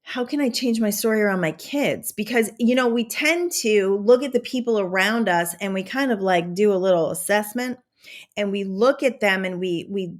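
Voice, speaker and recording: Woman, podcast host, motivational chat, animated, enthusiastic, slight Southern twang, mid pitch. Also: normal speed. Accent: drifting into a Southern American twang. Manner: animated, enthusiastic, conversational with many fillers. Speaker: podcast host and manifestation coach. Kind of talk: casual motivational talk.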